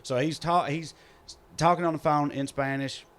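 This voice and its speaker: A man's voice: fairly high pitch, steady tone, normal speed, a bit bright. A man with a Southern US accent, a podcast host telling a story in casual chat, acting out the people he quotes, recorded in a theater green room.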